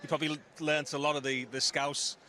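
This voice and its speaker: A man presenting a live football broadcast, leading the guests with brisk questions. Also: a little high, level tone, bright, forceful tone.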